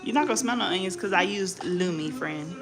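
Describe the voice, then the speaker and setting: A woman's voice: fairly low pitch, lively intonation, fairly quick, over music. A young woman, chatting casually as a vlogger in a loose, slangy, joking way. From Bay Area, California. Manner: loose, slangy and joking, with bursts of loud scolding. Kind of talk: casual chat.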